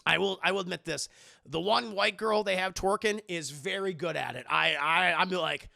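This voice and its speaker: A male streamer recaps a film for his chat in an animated, profane way. His voice is high for a man and bright, with a gravelly fry. It sounds close and dry. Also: moderate pace, no echo. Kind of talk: casual livestream film recap.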